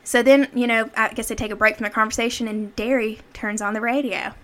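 This podcast co-host has a fairly high, fairly bright voice, a steady tone and a fairly quick pace. She walks through a horror movie scene by scene in a casual recap, chatty, packed with fillers, and acting out lines from it.

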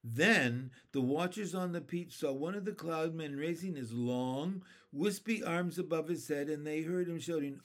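A man reading a children's novel aloud, deliberate and expressive. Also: fairly high pitch. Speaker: storyteller.

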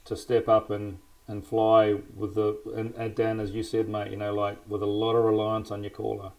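Low-voiced, thoughtful man. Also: completely flat delivery, normal speed, darkish tone, rough recording. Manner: thoughtful, hesitant, with restarts. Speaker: podcast co-host. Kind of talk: casual discussion.

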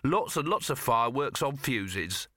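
A man's voice: mid-range voice, big pitch swings, unhurried, sharp tone, no echo, exaggerated voice. Male reader voicing a shrewd young man, pointed and knowing, dry close sound.

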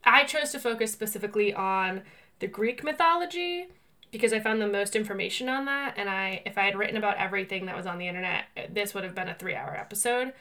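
Bright, chatty woman podcaster. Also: medium pitch, quick pace. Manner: chatty and rambling, heavy use of "like"; animated storyteller who laughs through her telling. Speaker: podcast co-host. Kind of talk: casual podcast chat.

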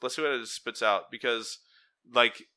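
A man talks through a casual solo podcast, thinking out loud and breaking off his own sentences. His voice is bright, smooth and clear, and he speaks at an unhurried, slow pace. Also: mid-range voice. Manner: rambling and self-interrupting, musing aloud. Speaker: podcast host. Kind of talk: casual solo podcast, reading chatbot output aloud.

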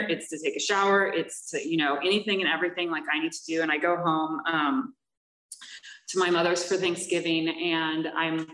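Woman sharing a recovery testimony, halting and frank, fillers and wry laughs, slightly low voice. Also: bright, forceful tone. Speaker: speaker sharing her recovery story. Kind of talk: personal testimony. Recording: echoey room, voice from a distance.

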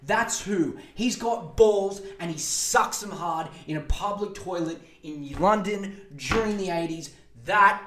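A man's voice: high-pitched, takes it slowly, few pauses, a crowd in the background. Sarcastic man ranting crudely. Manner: sarcastic, crude and mocking, with repeated insults. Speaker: podcast host. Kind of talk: profane comedic rant. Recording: echoey room.

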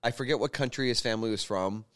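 A man hosting a casual podcast chat, telling stories with animated emotion. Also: mid-range voice, quick pace, no echo, clean studio sound.

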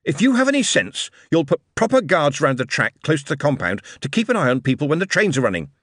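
Glib male con-man charmer, voiced by a male narrator. Emphatic, theatrical, lively swoops. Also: medium pitch, normal speed, no room sound, studio quality, pitched above the performer's own voice. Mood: angry. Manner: persuasive, theatrical, raised and emphatic.

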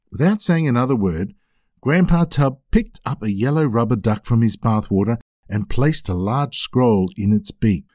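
A man narrating a children's storybook with an expressive reading. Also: mid-range voice, no room sound, clean studio sound.

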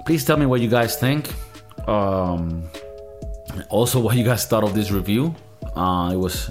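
Lowish-voiced man ranting profanely. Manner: profane, exasperated, rambling. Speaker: movie review host. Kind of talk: casual ranting review.

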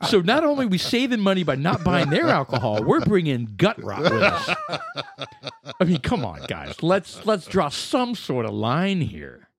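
A man's voice: high-pitched, huge pitch swings, normal speed, vocal fry. A man co-hosting a podcast in casual banter, talking emphatically and often repeating himself. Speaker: podcast co-host.

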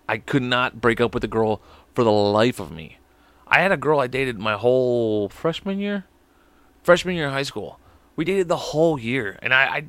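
A young man with a Chicago accent rambles through a story on his podcast, cursing freely and breaking into laughs. His voice sits in a middle pitch, recorded close and dry with no room sound. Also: fairly bright tone, no echo. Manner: profane, rambling, laughing often. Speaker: podcast co-host. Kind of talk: casual storytelling.

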